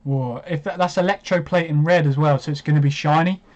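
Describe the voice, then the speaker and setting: A man hosting a live watch-along stream, chatty and hesitant, breaking into excited reactions as he comments. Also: on the high side, brisk, dull audio.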